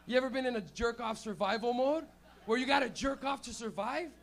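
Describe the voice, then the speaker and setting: High-voiced man doing crude stand-up. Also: a little fast, vocal fry. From Canada. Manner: crude, animated storytelling with loud shouted bits. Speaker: stand-up comedian and host. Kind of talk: stand-up comedy set. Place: comedy club stage.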